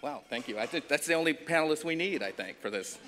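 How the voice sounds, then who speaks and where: A man's voice: a little high, expressive, quick pace, fairly bright tone. A man moderating a conference panel, introducing speakers in a chatty, joking way with fillers and restarts. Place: conference hall. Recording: reverberant hall, faint noise.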